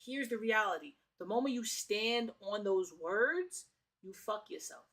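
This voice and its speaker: A woman's voice: medium pitch, animated, measured pace, fairly bright tone. A woman from the Bronx, hosting a casual reaction stream, talking in a heated, slangy, profane way and repeating her phrases. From The Bronx, New York. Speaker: streamer host.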